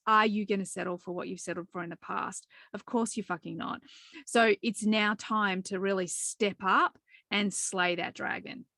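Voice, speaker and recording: A woman's voice: medium pitch, fairly bright tone, no room sound, clean studio sound. A woman hosting a spiritual podcast, talking with eager enthusiasm and casual swearing. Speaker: podcast host. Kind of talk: excited spiritual podcast chat.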